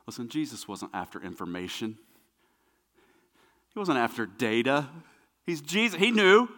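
A man preaching a sermon as pastor, with emphatic repetition that swings between hushed and loud passages. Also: medium pitch, sing-song, moderate pace. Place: church sanctuary. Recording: long hall reverb.

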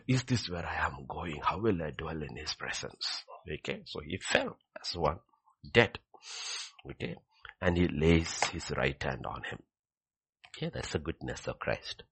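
Deep gravelly preacher guy, sermon, keeps saying okay, goes loud then drops to a whisper. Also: lively intonation, a little slow. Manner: swings from loud emphatic bursts to hushed, whispered scripture reading; repeats key phrases, says "okay" often.

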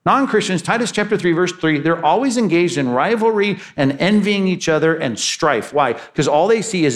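A man preaching a sermon, animated and acting out the voices he quotes. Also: on the high side, brisk, few pauses. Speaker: pastor.

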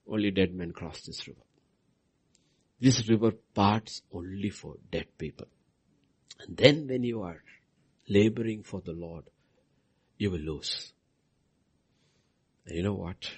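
A man delivers a sermon in a gravelly, husky voice, his pitch leaping and falling with feeling. He swings from loud proclamations down to hushed, near-whispered lines, repeating key phrases for emphasis. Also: lively intonation, measured pace, long pauses. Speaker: preacher.

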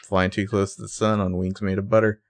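A man co-hosting a podcast, retelling scenes with wry, animated asides in casual chat. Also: lowish voice, fairly quick. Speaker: podcast co-host.

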